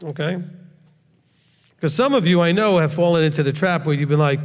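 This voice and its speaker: A man's voice: on the high side, a little fast, pauses often, in a large hall. A man, a rabbi, teaching a sermon in a conversational way, often checking in with his listeners and adding light joking asides.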